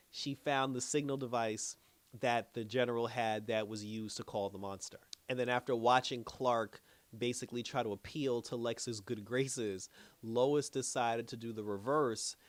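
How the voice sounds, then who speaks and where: A man's voice: medium pitch, no room sound. A man reviewing a TV episode in a casual chat. He retells the scenes with lots of quoted lines and chuckles often. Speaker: show reviewer. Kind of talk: casual recap.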